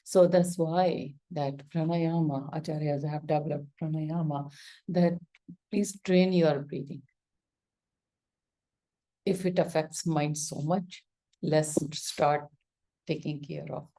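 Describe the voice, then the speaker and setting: A woman's voice: deep voice, steady tone, takes it slowly, long pauses, warm tone. A woman with an Indian accent teaching a yoga lesson, coaxing answers from her student with questions and acted-out examples.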